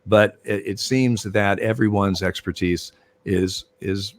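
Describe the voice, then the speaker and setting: Speaking slowly in a lowish voice, an older man who used to umpire baseball tells stories as a guest in a casual interview. He rambles, with many fillers and restarts, and becomes animated when he retells arguments.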